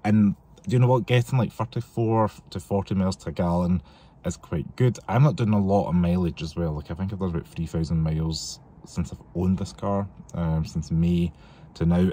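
A man's voice: low-pitched, fairly quick, warm tone. A man from the UK chatting casually and rambling on his car vlog, recorded outdoors on a windy, cold day. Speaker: car vlogger. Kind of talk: casual chat.

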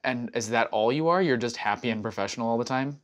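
A man's voice: mid-range voice, quick pace, fairly bright tone, natural voice. An actor playing a teasing, drifting young man in a scripted series, hesitant and wry. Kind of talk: scripted web-series acting.

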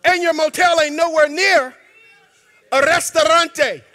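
A man preaching a sermon in a church, emphatic and colloquial, sometimes breaking into shouts. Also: very high-pitched, fairly even intonation, a little slow. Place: church sanctuary. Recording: long hall reverb.

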